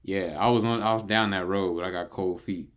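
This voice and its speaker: Very deep-voiced man reading scripture casually. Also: steady tone, brisk, a little hiss or hum. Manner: playful, chatty asides. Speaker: Bible reader and narrator. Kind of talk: casual Bible reading with commentary.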